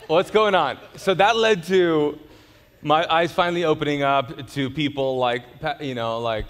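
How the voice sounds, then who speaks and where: A man preaching in a church hall with a long, ringing reverb. His voice sits a little high for a man. He tells his story in an animated way, acts out the other voices and jokes with the crowd. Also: slow pace, pauses often. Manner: joking with the congregation. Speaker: pastor. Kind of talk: sermon.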